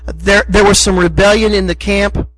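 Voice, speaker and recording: Husky-voiced man preaching a sermon. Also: sits high, steady tone, moderate pace, fairly bright tone, poor audio. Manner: conversational, emphatic preaching with acted asides. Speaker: pastor.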